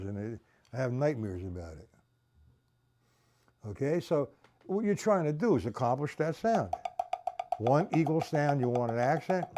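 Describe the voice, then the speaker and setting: Guy teaching drums on a live stream, counts it out slow, blunt, voice jumps up and down a lot. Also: mid-range voice. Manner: blunt, repetitive counting aloud, asks viewers if they understand. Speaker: drum teacher. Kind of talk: live-streamed drum lesson.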